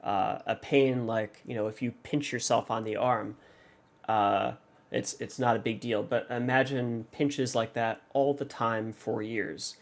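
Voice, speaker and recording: A man analyzing a song for his reaction video, his voice carrying a gravelly rasp. He thinks aloud at a mid pitch, pausing often and filling gaps as he works out ideas. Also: fairly even intonation. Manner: hesitant, thinking aloud, many fillers. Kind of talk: casual music analysis.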